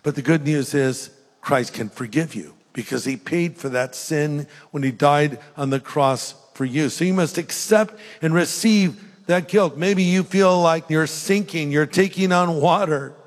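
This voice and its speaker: An older man preaches with earnest conviction, his fairly high voice climbing into fervent emphasis. His words ring out in a large hall with a long, lingering reverb. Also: measured pace. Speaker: pastor. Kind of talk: sermon.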